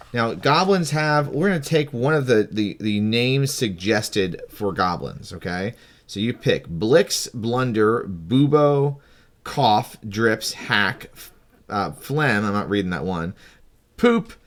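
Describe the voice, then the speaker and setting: This is casual tabletop game talk: a game master helps a friend create a character, teasing lightly and frequently starting over mid-thought. His voice sits on the low side with a fairly bright tone.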